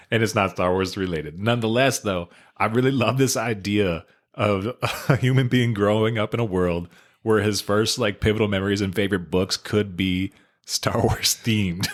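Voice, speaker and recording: A man's voice: lowish voice, moderate pace. A young man co-hosting a casual podcast, laid-back and laughing often. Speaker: podcast co-host. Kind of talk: casual chat.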